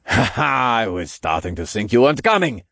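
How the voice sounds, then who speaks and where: A man's voice: medium pitch, big pitch swings, brisk, vocal fry, a bit bright, no echo, clean studio sound. A man doing a courtly French airship pilot. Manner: courtly and polite.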